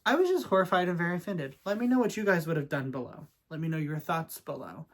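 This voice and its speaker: A man's voice: on the high side, lively intonation, fast. Chatty, sassy man telling a story. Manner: chatty and sassy, with dramatic asides. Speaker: vlogger and real estate agent. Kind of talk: casual storytelling vlog.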